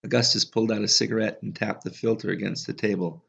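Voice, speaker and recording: A man reading a novel aloud in a calm, measured way as an audiobook narrator. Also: lowish voice, creaky, slightly rough. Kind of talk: scripted narration. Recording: slightly dull lo-fi audio.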